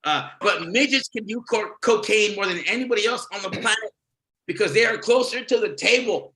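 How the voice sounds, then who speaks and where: A man's voice: sits high, a little fast, bright, forceful tone, rough recording. A man doing a stand-up set over a video call, rambling, swearing often and laughing at his own jokes. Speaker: stand-up comedian.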